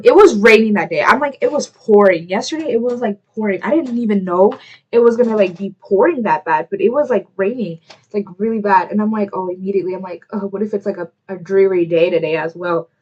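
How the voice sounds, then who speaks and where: The audio is dull, and the young woman's mid-range voice has a breathy edge. She's a vlogger getting ready at home while telling a rambling story packed with "like," interrupting herself, apologizing readily, and chatting to the camera on the side.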